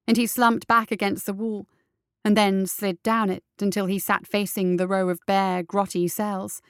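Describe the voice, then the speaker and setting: A woman reading a story aloud in measured, dramatic audiobook narration, close to the mic. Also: medium pitch, clear, resonant tone, no echo.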